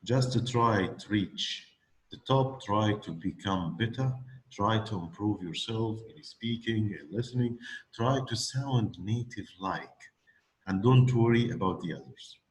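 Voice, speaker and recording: A man's voice: lowish voice, lively intonation, measured pace, rough recording. A man teaching English pronunciation, patiently modelling phrases for a student. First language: Arabic. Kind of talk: classroom lesson with a student.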